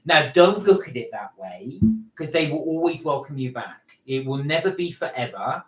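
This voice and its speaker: A man's voice: on the high side, animated, moderate pace, a bit bright, echoey room, faint music behind, poor audio. A man co-hosting a casual livestream, chatting and reading out viewer comments. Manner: chatty, reads out comments and answers them.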